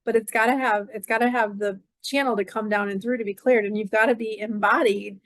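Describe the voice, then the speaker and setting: A middle-aged woman hosts an astrology channel, delivering an effusive, rambling spiritual monologue full of repeated phrases and "like" fillers. Her medium-pitched voice is a bit bright, fairly even, and a little fast, with no room sound.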